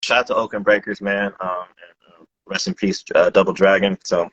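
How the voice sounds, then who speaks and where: A man's voice: deep voice, steady tone, normal speed, fairly bright tone, dull audio. A man, a breakdancer, chatting casually in an interview, rambling with lots of restarts and slang. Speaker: breakdancer guest.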